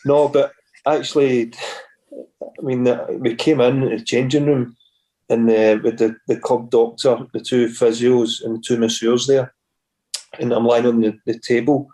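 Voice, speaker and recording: A man's voice: medium pitch, steady tone, a little slow, warm tone. Scottish man rambling through anecdotes. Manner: rambling anecdotes with many restarts and acted quotes. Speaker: guest, former footballer. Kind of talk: casual storytelling.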